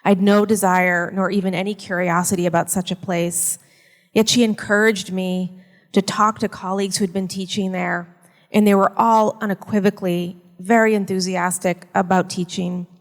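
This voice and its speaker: A woman teacher reading a prepared personal essay in a measured, earnest way. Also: mid-range voice, little pitch movement, long reverb tail. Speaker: university teacher in prison education. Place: performance venue.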